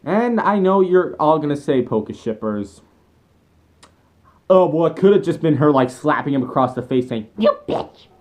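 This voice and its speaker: A young man vlogging an excited, rambling fan rant with frequent self-corrections. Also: fairly high pitch, moderate pace.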